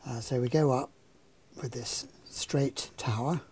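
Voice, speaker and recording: A man's voice: mid-range voice, a little slow, slightly rough. An older man, an engineer, telling an anecdote and then explaining a problem with a live model demonstration. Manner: anecdotal, relaxed storytelling.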